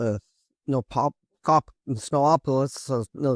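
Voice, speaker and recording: A man's voice: medium pitch, normal speed, no echo. A man giving casual reaction commentary as a genealogy host, thinking aloud with many restarts. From Canada.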